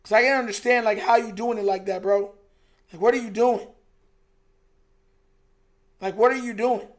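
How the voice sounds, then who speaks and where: A man's voice: high-pitched, fairly even intonation, normal speed. A young man hosting a live stream, reacting to a football game in casual, frustrated, emphatic chat. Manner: frustrated, emphatic, repeats himself, says "bro" a lot.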